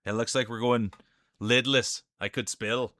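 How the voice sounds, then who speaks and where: A man with a thick Canadian accent calls marble races on a live stream in a chatty, easygoing play-by-play. His voice is smooth and resonant, at a middle pitch for a man. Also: steady tone, measured pace, sharp tone. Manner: chatty play-by-play with frequent laughs. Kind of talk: casual live-stream commentary.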